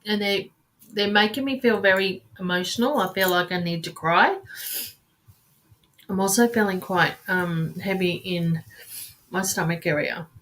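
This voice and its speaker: Female card reader, live stream; halting delivery, frequent sighs, endearments. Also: medium pitch, a bit bright. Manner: calls listeners sweetheart and darling.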